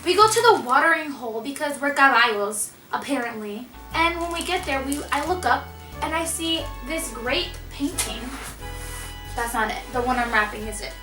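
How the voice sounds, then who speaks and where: A woman's voice: high-pitched, animated, moderate pace, recorded from a distance. A young woman vlogging casually while wrapping gifts, rambling and self-mocking and easily sidetracked, recorded on a camera mic in a room at home. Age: young adult. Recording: echoey room, voice off-mic, music behind.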